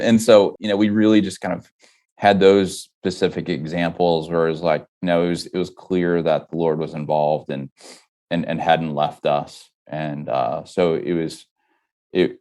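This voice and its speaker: A middle-aged man, a company founder, telling a personal faith story as a podcast guest in an earnest, halting way with many restarts. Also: sits low, a little mellow. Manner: earnest, halting, with frequent restarts and "you know".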